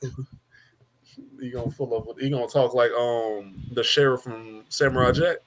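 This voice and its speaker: A man's voice: mid-range voice, fairly even intonation, fairly quick, a crowd in the background. A young man on a podcast panel, chatting casually and bluntly about movies in slang, acting out lines as he goes. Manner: slangy, blunt, acts out quotes. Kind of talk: casual movie review chat.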